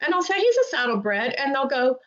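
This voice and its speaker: A woman's voice: high voice, sing-song, brisk. A woman talking earnestly and at length as a guest in a casual podcast interview, often restarting her sentences. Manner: earnest, chatty, many restarts. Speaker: interview guest, amateur dressage rider. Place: North Carolina resident. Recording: dull lo-fi podcast audio.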